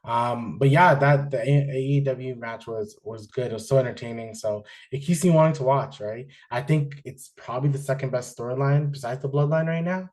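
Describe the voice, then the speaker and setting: A man hosting a wrestling podcast, chatting casually with many fillers and restarts, getting animated when excited. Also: mid-range voice, normal speed, hardly any pauses. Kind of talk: casual chat, reviewing wrestling.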